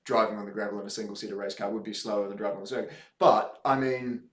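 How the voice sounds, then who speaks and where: A man commentating a race live with a dry, teasing, deadpan manner. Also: lowish voice, very fast. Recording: roomy streaming setup.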